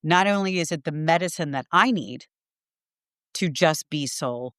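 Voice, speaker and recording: Earnest middle-aged woman, low smooth voice. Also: animated, a little slow, fairly bright tone, dry recording, clean studio sound. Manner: earnest, heartfelt, lots of "like". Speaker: podcast guest, Reiki teacher. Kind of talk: personal storytelling in conversation.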